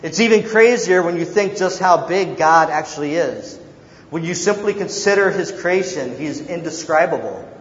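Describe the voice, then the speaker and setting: A man preaching a sermon as a pastor, earnest, moving between hushed tones and loud emphasis. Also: on the high side, animated, moderate pace. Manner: earnest, shifts from hushed to shouting. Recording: echoey hall, dull and slightly noisy.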